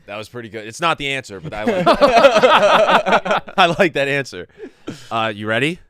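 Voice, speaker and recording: A man telling corny jokes in a casual podcast chat, playful and quick to laugh. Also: mid-range voice, animated, bright, forceful tone, clear, resonant tone, no room sound, studio quality.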